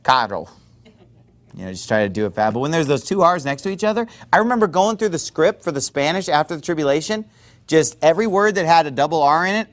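Man preaching, fairly high voice, very lively intonation, chatty, digressive sermon. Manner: conversational, digressive, with quick rhetorical asides.

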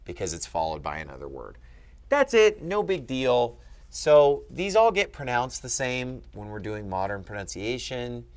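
A man's voice: mid-range voice, wildly swooping pitch, normal speed, darkish tone. A man teaching at a board in a room, explaining patiently and checking in with frequent "okay?".

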